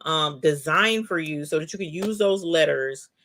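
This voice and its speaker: A woman's voice: low voice, moderate pace, fairly bright tone, slight background noise. A woman hosting a casual live crafting tutorial, chatty and folksy, talking straight to her viewers. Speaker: crafting livestream host.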